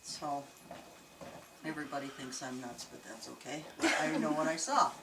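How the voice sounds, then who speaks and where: A woman telling a chatty, animated story indoors in an old jail, laughing easily. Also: low voice, normal speed. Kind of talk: casual storytelling to investigators. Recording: echoey, distant, noisy camcorder audio.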